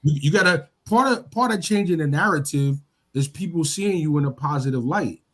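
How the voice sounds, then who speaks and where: A man with a somewhat high voice talks in a loose, animated way on a sports podcast. He doubles and triples words as he builds an argument. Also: a little fast. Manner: animated, repeats words when pushing a point. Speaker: podcast co-host. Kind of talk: casual sports chat.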